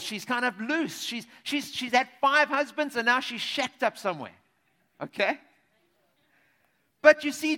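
A man preaching a sermon in an animated, conversational way, speaking directly to his listeners. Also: very high voice.

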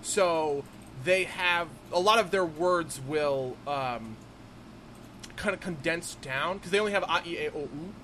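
A man co-hosting a casual podcast chat, animated and quick to laugh. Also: a little high, slight background noise. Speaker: podcast co-host.

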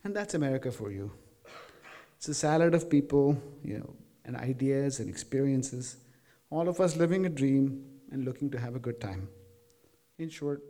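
Male storyteller, earnest and reflective, mellow dark tone, live theater performance. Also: medium pitch, moderate pace. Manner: earnest, reflective, rhetorical questions. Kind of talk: personal story told to a live audience. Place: theater stage.

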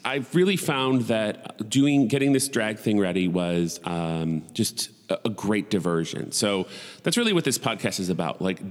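A man's voice: on the low side, in a large hall. A man in his forties hosting a podcast in casual solo chat, rambling and profane with wry asides. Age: 40s. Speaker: podcast host.

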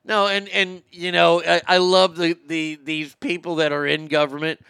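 Gravelly, crisp-voiced man ranting bluntly. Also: a little high, flat delivery, moderate pace, sharp tone, no echo, studio quality. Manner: blunt, profane ranting with frequent restarts. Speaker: show host. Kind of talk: casual opinionated talk show.

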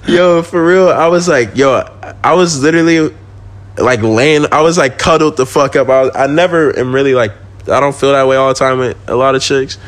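A man's voice: mid-range voice, fairly even intonation, normal speed. A young man, a podcast guest, telling a story in casual, slangy speech full of swearing and laughing.

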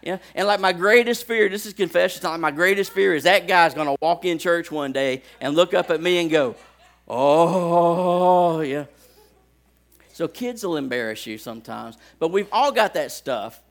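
A man preaches from the pulpit, telling homespun stories about his kids. His voice sits a bit high for a man, and he talks in a folksy, animated way that builds into firm preaching. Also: fairly quick, creaky, hardly any pauses. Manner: folksy storytelling, animated when acting out scenes. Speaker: pastor. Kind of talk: sermon with personal stories.

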